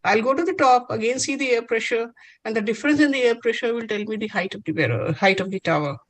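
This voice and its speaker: A man's voice: very high voice, fast talker, fairly bright tone, rough recording. A woman telling of a cheeky young student. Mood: cheeky explaining. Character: clever cheeky young male science student.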